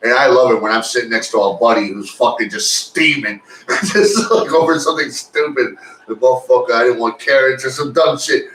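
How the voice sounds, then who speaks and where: A man's voice: mid-range voice, fairly quick, a bit bright. A man co-hosting a podcast in casual chat, laid-back and profane, laughing often. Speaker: podcast co-host. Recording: echoey room, distant mic, faint noise.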